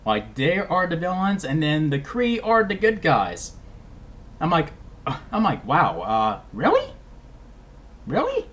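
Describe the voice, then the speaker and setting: A man's voice: a little high, unhurried. Rambling man reviewing a movie. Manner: rambling, many restarts and "I mean"s, animated. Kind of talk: casual spoiler review vlog.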